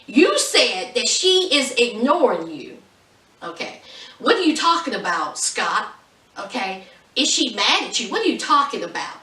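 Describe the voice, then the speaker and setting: A woman recapping a reality show in a sassy, mocking, animated way. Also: high voice, echoey room, distant mic. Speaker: reality TV reviewer. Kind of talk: casual recap commentary.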